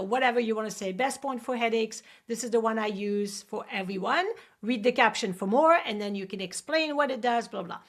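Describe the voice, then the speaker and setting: A woman with a French accent hosting a show and coaching guests, energetic and often checking in with "right?". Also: a little high. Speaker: host and acupuncture coach. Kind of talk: coaching advice in a video call show.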